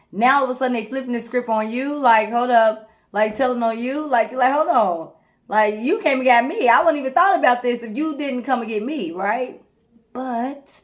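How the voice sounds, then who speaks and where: Animated woman telling a story, higher voice. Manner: animated, repeats "right?" and "guys", laughs often. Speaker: life coach, channel host. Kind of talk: casual storytelling to camera.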